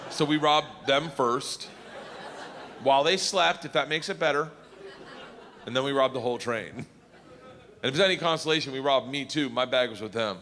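A man doing stand-up storytelling, animated and shouting his punchlines, recorded live in a reverberant hall. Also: medium pitch, normal speed, long pauses. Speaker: stand-up comedian. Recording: live comedy hall reverb, faint noise.

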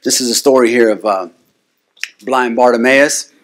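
A mid-range male voice at moderate pace preaches, repeatedly asking the congregation "amen?" and building up to insistent, rising repetition.

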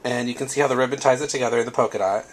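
A man's voice: mid-range voice, steady tone, rapid-fire. A man hosting a casual craft tutorial, explaining step by step while recovering from a cold. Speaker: craft video host.

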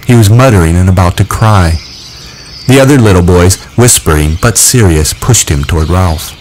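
A man narrating a novel aloud in a measured, expressive reading. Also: sits low, a little hiss or hum, poor audio. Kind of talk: audiobook reading.

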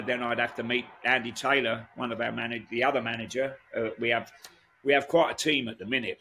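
A man's voice: mid-range voice, a bit bright. A man, a guest musician telling rambling stories in a casual interview, full of restarts and asides.

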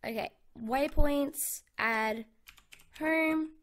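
A woman's voice: sits high, drawn-out words. A young Australian woman chatting casually in her bedroom as she plays through a survival game, bubbly and thinking aloud. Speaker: gaming channel host. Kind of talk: casual gameplay commentary. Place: home bedroom. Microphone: USB condenser mic.

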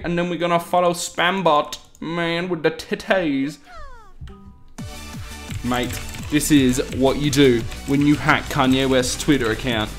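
Profane, jokey male gamer commentating. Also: medium pitch. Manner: jokey and profane, reads tweets aloud in mock-dramatic bursts. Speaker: gaming YouTuber. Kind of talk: casual let's-play commentary. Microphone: desk mic beside a loud mechanical keyboard.

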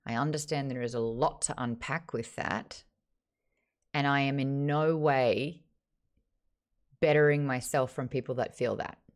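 A woman's voice: extremely low pitch, fairly even intonation, measured pace, long pauses. A woman hosting a casual live-streamed book chat, playful and teasing, with a bit of swearing. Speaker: host.

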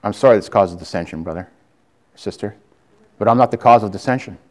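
A lay preacher addresses a congregation in a church hall with an audience, preaching defiantly and calling listeners brother and sister. His voice is fairly low, a little mellow, and fairly quick.

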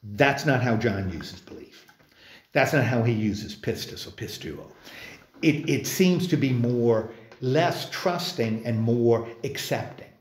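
Teacher, male, mid-pitched, casual Bible class lead, roomy echo. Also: expressive, slow. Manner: conversational, many restarts, asks the group questions. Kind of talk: informal Bible study class. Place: church meeting room.

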